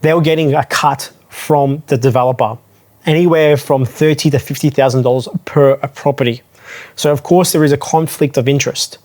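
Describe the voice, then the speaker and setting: A man's voice: mid-range voice, steady tone, fairly quick, darkish tone. Frank man telling his story. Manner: frank, conversational, full of restarts and asides. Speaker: property advisor telling his own story. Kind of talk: casual talking-head storytelling.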